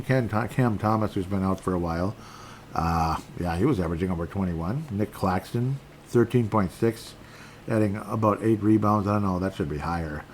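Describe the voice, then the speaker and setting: A man's voice: lowish voice, slight background noise. A middle-aged man hosting a casual sports podcast, rambling through stats with frustrated, self-deprecating asides. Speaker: podcast host.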